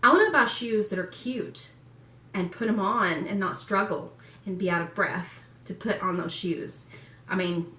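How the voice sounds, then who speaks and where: A woman's voice: medium pitch, measured pace, bright, forceful tone, slight background noise. A woman in her forties talking candidly and emotionally in a personal vlog, laughing often as she speaks. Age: 40s. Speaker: vlogger. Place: room in a home. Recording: echoey room, far from mic.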